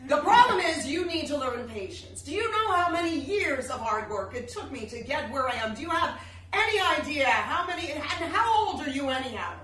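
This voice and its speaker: A woman voicing a condescending, impatient famous woman who lectures loudly, heard on a distant, echoey live stage recording. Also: on the high side, fairly quick. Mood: lecturing. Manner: patronizing, lecturing, loud.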